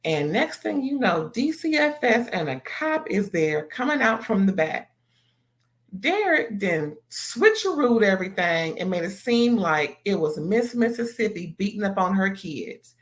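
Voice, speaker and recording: A woman giving an animated, emphatic recap of a TV episode, swearing and exclaiming as she reacts. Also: mid-range voice, measured pace. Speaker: TV show reviewer. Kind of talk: casual recap and commentary.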